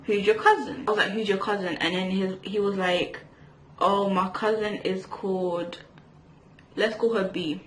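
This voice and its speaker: A woman's voice: medium pitch, steady tone, moderate pace. A young woman from England, telling a rambling storytime while doing her makeup, full of fillers and restarts. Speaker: vlogger. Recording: echoey room with faint hiss.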